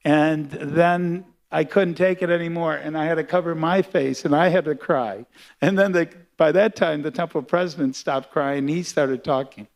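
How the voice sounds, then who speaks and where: An older man giving a sermon built around a personal memory, speaking in a halting, heartfelt way with frequent restarts. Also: a little high. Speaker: guest speaker at a temple class.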